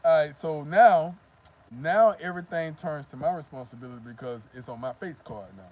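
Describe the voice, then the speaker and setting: A man's voice: fairly high pitch, moderate pace, a little mellow. A man vlogging, telling a profane, rambling story to the camera and filling it with "you know what I mean.".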